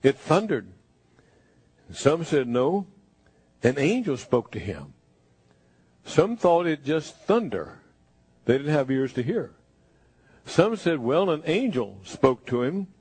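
Husky-voiced preacher man, dry sound. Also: a little high, big pitch swings, takes it slowly, long pauses, dry recording. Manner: preaches in a voice-of-Jesus first person, swinging between hushed and emphatic. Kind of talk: sermon.

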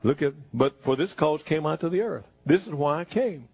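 A man preaching a sermon in a husky, slightly higher voice. He swings between hushed, drawn-out lines and emphatic bursts, often speaking in first person. The sound is dry and close. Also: animated, no room sound.

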